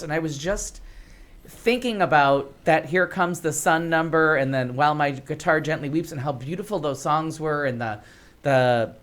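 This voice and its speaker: An American woman co-hosting a talk show, telling a long story in casual chat and filling it with "like". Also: low-pitched. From United States. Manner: animated storyteller, lots of "like". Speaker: podcast co-host.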